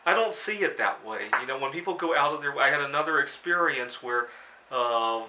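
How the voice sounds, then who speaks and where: A man talks to camera in a loose, meandering storytelling style, stumbling and repeating words as he searches for the next thought. His voice is strikingly bright and sharp, pitched in an ordinary middle register. The sound carries a noticeable echo from the room around him. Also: expressive. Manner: rambling, halting, often repeats words. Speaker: vlog host. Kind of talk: casual personal storytelling to camera.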